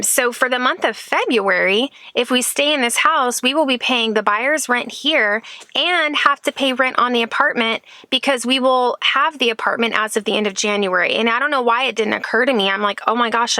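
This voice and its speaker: Bright-voiced chatty mom vlogger. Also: female voice, mid-range voice, no echo. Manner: earnest, faith-filled, chatty with many "like"s. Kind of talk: casual chat to camera.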